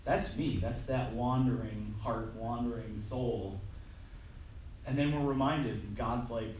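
Slow and steady, a man with a medium-pitched, darkish voice in a middle register preaches a conversational sermon, loose and self-deprecating, frequently restarting his phrases. The audio is distant, drenched in hall echo with faint hiss beneath.

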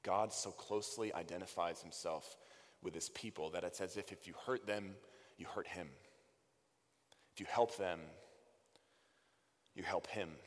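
Deep-voiced preacher in a reverberant hall. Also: male voice, a little slow, long pauses. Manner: emphatic, swings from loud to hushed quotes. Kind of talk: sermon. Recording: long reverb of a large hall.

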